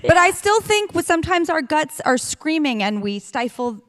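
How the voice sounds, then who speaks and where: A woman's voice: sits high, big pitch swings, moderate pace, very noisy. A woman interviewing a guest on stage, earnest, reflective and openly enthusiastic. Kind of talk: onstage conversation. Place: live event stage. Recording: long hall reverb.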